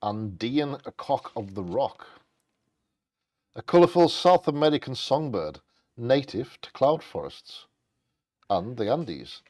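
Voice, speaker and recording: A man co-hosting a live bingo stream, chatting casually and reading out bird facts with quick jokey asides. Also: medium pitch, very animated, a little mellow. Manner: jokey, quick asides between read passages.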